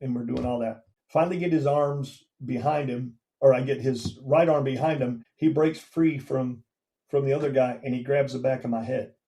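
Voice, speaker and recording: A man in his fifties with a mellow, warm tone tells his story on a podcast. His pitch sits in an ordinary middle range for a man. He speaks conversationally and now and then acts out what people said. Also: steady tone, normal speed, rough recording. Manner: recounts events plainly, acting out quoted dialogue. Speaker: guest, veteran and former police officer.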